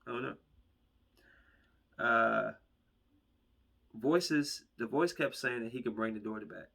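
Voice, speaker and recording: A man's voice: mid-range voice, takes it slowly, creaky, pushed and bright. A man reviewing a movie on his podcast, retelling the plot in a loose, rambling way and acting out the characters' lines.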